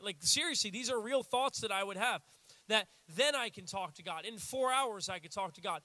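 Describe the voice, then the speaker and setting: A young American man preaching a sermon in a casual, animated way, acting out little quotes as he goes. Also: high voice, normal speed, no room sound. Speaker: pastor.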